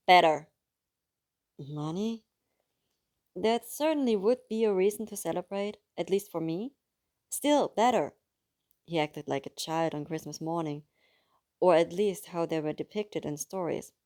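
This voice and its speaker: A woman with a German accent and a low, deep-set voice. She talks through a book in a chatty, self-correcting way and reads passages aloud plainly. English is her second language. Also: dark tone. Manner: chatty and apologetic, with restarts. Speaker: book reader. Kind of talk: casual book introduction and reading aloud.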